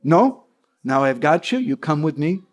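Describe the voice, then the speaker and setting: A man's voice: on the high side, big pitch swings, a little slow. A man voicing a village cowherd woman who insistently scolds as she tells a story. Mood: triumphant.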